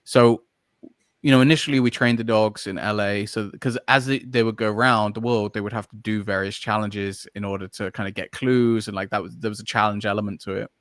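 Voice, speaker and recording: A man's voice: fairly low pitch, steady tone, brisk, a bit bright, no echo, clean studio sound. A man guesting on a podcast, talking casually and at length, full of fillers and restarts as he searches for words. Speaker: podcast guest, dog trainer. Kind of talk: casual interview chat.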